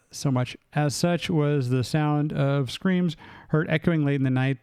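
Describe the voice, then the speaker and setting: A young man streaming a game, reading the on-screen text aloud with halting starts and casual asides to viewers. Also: on the high side, darkish tone, clean tone, no echo. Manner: reads aloud haltingly, breaking off for asides and laughs.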